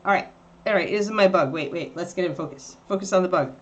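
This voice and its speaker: A fast-talking woman hosts a livestream with slight background noise, rambling and chatting as she paints miniatures. She breaks into a high baby voice when speaking to her dog.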